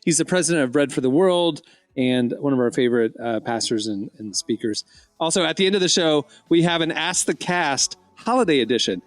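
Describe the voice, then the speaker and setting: Male podcast host, slightly high voice, upbeat announcer tone, dry studio sound. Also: animated, a little fast, dry recording. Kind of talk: host intros and read sponsor ad.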